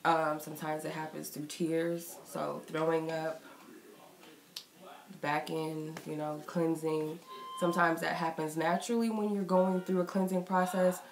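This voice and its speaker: A woman's voice: low-pitched, level tone, a little slow. A woman giving a casual, rambling tarot reading. She says she is getting sick and is a little out of breath. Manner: chatty and reflective, loose rambling phrasing. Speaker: tarot reader. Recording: echoey room with faint noise.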